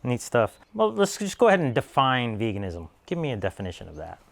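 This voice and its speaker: A man hosting a casual interview, relaxed and loose, with lots of likes and you-knows. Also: medium pitch, fairly quick, creaky.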